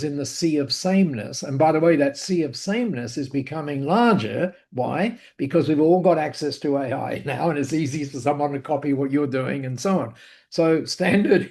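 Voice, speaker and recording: A man's voice: mid-range voice, a little mellow. A man giving an online webinar talk, telling a story in a chatty way with asides and restarts. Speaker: webinar speaker. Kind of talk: online presentation. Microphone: video call.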